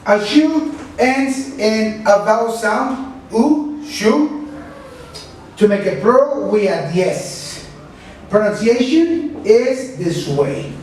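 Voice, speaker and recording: A man teaching a pronunciation lesson, speaking slowly and carefully and repeating each word for practice. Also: high-pitched, lively intonation, a little mellow, a little hiss or hum. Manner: slow, careful, repeats words for drilling. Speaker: English teacher. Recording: echoey room, mic at a distance.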